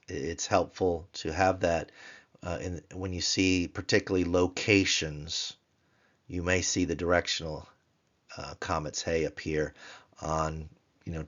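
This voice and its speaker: A man teaching a grammar lesson, patiently repeating each word slowly so learners can follow. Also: low-pitched, fairly bright tone, dull audio. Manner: patient, repeats words slowly for pronunciation drill. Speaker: Biblical Hebrew tutor.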